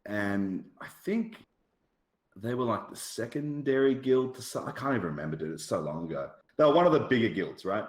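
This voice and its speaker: Deep-voiced man telling a story. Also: lively intonation, brisk. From Australia. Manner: rambling, with many fillers and asides. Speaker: podcast guest. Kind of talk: casual storytelling chat. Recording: roomy echo.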